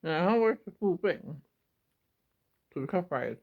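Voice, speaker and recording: Young male vlogger, emotional confessional, repetitive and halting, fighting tears, slightly raised pitch, muffled lo-fi sound. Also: lively intonation. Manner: rambling and repetitive, stumbling over words. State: close to tears. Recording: dull lo-fi home video.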